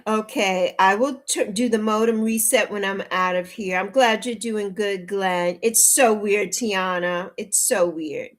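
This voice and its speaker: A livestream host in her sixties talks in a mid-range, unhurried voice with hardly any pauses, captured on a laptop mic. During the casual stream she greets viewers by name, flustered and pleading for help.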